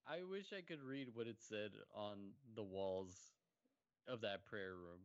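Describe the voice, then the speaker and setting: A man's voice: fairly low pitch, a little slow, highs cut off, slight background noise. A young man in casual comedic talk about a movie, laid-back and chiming in to agree. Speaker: podcast co-host.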